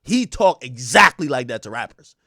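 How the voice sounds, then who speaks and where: A man's voice: mid-range voice, sing-song, normal speed, bright, forceful tone, dry recording, clean studio sound. A man hosting a live stream, reacting to a clip with rambling, laughing, profane commentary. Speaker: livestream host.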